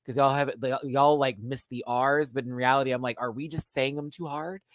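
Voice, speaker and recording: A man hosting a live stream, telling a story in a casual, animated way straight to his viewers. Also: medium pitch, brisk, dry recording, clean studio sound. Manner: animated, chatty, addresses viewers as y'all.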